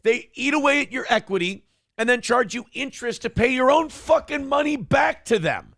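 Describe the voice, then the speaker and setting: A man's voice: very high-pitched, very animated, moderate pace, vocal fry, fairly bright tone, dry recording, clean studio sound. A male morning show host in casual talk-show banter, ranting and swearing freely. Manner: profane, ranting.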